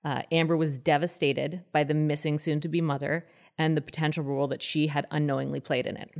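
Female podcast host, thirties, low voice, chatty and animated true-crime teller. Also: brisk. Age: 30s. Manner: chatty, animated, acts out quoted people in a higher voice. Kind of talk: casual true-crime storytelling.

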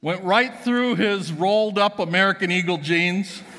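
A pastor tells jokey stories from the pulpit in a high, ringing voice. The bright tone has an edge, and his words echo through a large church sanctuary with a long reverb tail. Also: measured pace. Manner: joking storytelling to the congregation. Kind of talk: sermon.

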